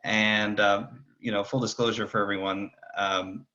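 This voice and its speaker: A man's voice: fairly low pitch, flat delivery, a little slow, bright, forceful tone. A man who owns a business, speaking candidly on a video call. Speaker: business owner. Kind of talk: casual chat on a video call. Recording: dull lo-fi call audio.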